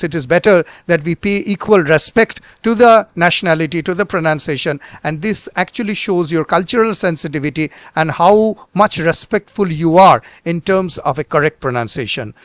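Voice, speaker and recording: A man with a high voice gives a pronunciation lesson, saying each word again and again. He talks with many fillers and restarts. The sound is dry and close. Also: no room sound. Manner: repeats words slowly, many fillers and restarts. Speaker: physics teacher and channel host.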